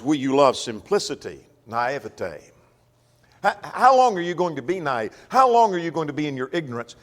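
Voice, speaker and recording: Folksy male Bible teacher, fairly high voice, in a ringing church hall. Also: very animated, normal speed. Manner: folksy, checks in with the class. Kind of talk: Sunday Bible class teaching. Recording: long church reverb.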